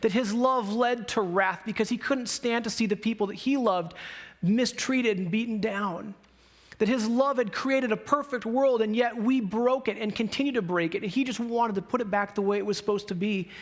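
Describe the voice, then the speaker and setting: A man's voice: high voice, normal speed. A man pastor preaching a sermon in a conversational style, with emphatic rises when he speaks for God and the prophets. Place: church sanctuary.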